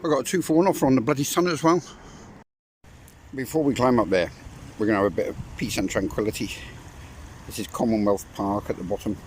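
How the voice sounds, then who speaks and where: A man's voice: medium pitch, quick pace, pauses often, a little hiss or hum. A middle-aged man giving a casual walking tour outdoors, talking to his viewers with chatty, wry asides. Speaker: travel vlogger. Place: outdoors, walking through town streets and a park.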